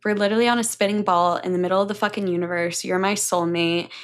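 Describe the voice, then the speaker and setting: A woman speaking as a guest on a conversational podcast. She talks candidly and with animation, swearing freely and breaking into laughter. Her voice sits at an ordinary mid pitch. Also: fairly even intonation, fast. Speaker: podcast guest, breathwork mentor.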